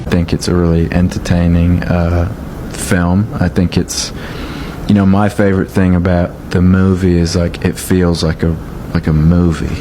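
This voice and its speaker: A man answering an interview question haltingly, with lots of fillers. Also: deep voice, flat delivery. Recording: noisy background.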